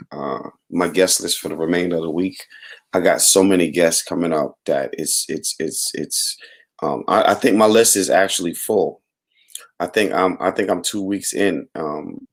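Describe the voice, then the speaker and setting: A deep-voiced man hosts a relaxed live morning chat show, his voice rough and hoarse from overuse. He rambles cheerfully, greeting viewers one by one and chatting off the cuff. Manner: rambling, upbeat, giving shout-outs to viewers. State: hoarse, voice worn out. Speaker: host.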